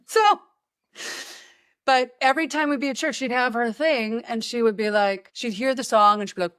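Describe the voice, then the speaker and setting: A woman's voice: a little high, a bit bright, dry recording, clean studio sound. A woman hosting a podcast, telling rambling, joking stories in casual chat. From United States. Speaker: podcast host.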